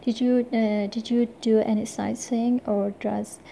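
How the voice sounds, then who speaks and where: A woman's voice: a little high, flat delivery, measured pace, creaky, mellow, a little hiss or hum. A woman voicing a friendly woman who asks eager questions about a vacation. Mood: curious.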